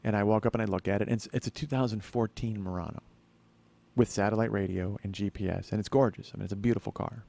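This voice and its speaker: A man's voice: lowish voice, steady tone, fast, vocal fry, warm tone. A man in his forties hosting a comedy podcast, telling a long profane story and slipping into exasperated rants. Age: 40s. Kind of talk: profane comic storytelling monologue.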